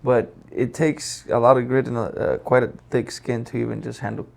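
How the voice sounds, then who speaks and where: A man hosting a podcast interview, talking in a quick, rambling, encouraging way. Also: mid-range voice, level tone, gravelly, a little mellow. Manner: quick, rambling, encouraging, fills with "like" and "you know". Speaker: podcast host. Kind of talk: casual interview chat.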